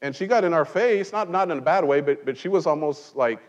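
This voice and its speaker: A man's voice: fairly high pitch, lively intonation, fairly quick, in a large hall, dull audio. A man who grew up in Mexico, preaching a conversational sermon from a pulpit in church and mixing in wry jokes. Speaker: pastor.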